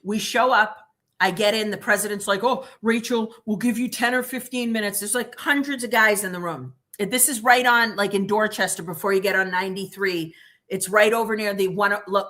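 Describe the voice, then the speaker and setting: A middle-aged woman who used to be a prosecutor appears as a guest on a livestream interview, her mid-range voice moving at a normal speed. She tells her stories bluntly and emphatically, retelling them in an animated way with quoted dialogue.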